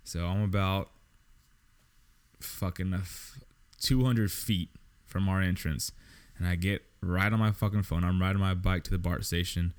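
A man, hosting a podcast and telling a long story, full of swearing and acted-out dialogue. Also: low voice. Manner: profane, animated storytelling with quoted dialogue. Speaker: podcast host. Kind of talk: casual storytelling monologue.

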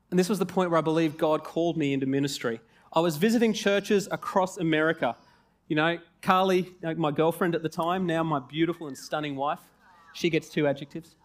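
A male preacher in his forties delivers a sermon with a light, joking manner and plenty of rhetorical questions. His voice sits a little higher than most men's, and he talks like he is chatting with the congregation rather than reading a text. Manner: animated, jokey and conversational.

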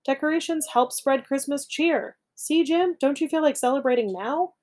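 A woman voicing an eager, chirpy female bird full of holiday excitement. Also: high voice, normal speed, pitched above the performer's own voice, natural voice.

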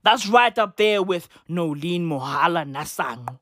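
A woman's voice: lowish voice, very animated, a little slow, hardly any pauses, a bit bright, no echo, studio quality. A woman delivering a profane, slang-filled comic rant, repeating her punchlines and swearing freely. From South Africa. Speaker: comedic vlogger. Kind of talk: profane comedic rant to camera.

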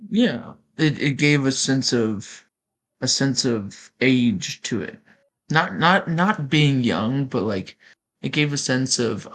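A young man with a dry, teasing humor in a relaxed conversation. He stumbles over words now and then. His pitch is average for a man. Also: slow. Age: young adult. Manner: dry, teasing, stammers a bit. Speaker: podcast co-host. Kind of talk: casual chat.

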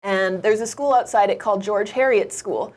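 Woman guest rambling happily about her trip, chatty, mid pitch voice. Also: normal speed, darkish tone. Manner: chatty, upbeat, rambling anecdotes. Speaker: interview guest, traveler. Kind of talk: conversational travel storytelling.

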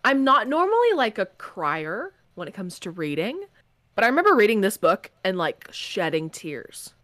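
Young woman, podcast co-host, casual book talk, animated and dramatic, dry recording. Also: medium pitch, moderate pace, dry recording. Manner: dramatic, acts out her own reactions.

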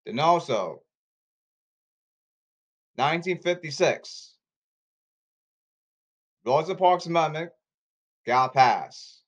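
A man's voice: fairly high pitch, lively intonation, drawn-out words, pauses often. Insistent man rambling to camera. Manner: repetitive, insistent, restarts often.

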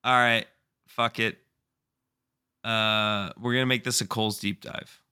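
The voice is a man's, very bright and sharp in tone. He co-hosts a podcast and swaps stories in loose, casual talk. He tells them with lively energy, curses freely and breaks into laughter as he goes. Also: lowish voice, a little slow, clear, resonant tone. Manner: animated, profane, laughs while telling stories. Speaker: podcast co-host. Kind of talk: casual storytelling chat.

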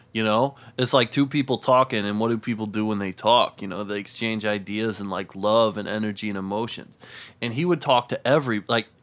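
A man's voice: on the low side, fairly bright tone, no room sound, close to an everyday voice. A man playing an earnest, spacey young rapper who rambles in mock-profound terms on a comedy podcast. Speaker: podcast co-host. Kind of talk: improvised comedy podcast, deadpan parody.

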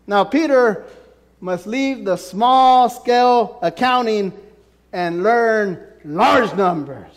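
High-voiced preaching man, hall reverb. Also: animated, takes it slowly. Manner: emphatic preaching with sweeping pitch and volume. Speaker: pastor. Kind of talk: sermon.

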